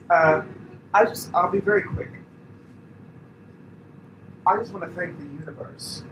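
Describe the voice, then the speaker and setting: A man with a slightly high voice gives a quick, earnest memorial tribute, pausing and restarting as he searches for words. The room echoes, and noise stays underneath him. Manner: hesitant, earnest, restarts his phrases. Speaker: memorial speaker. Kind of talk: short eulogy remarks. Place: indoor memorial gathering.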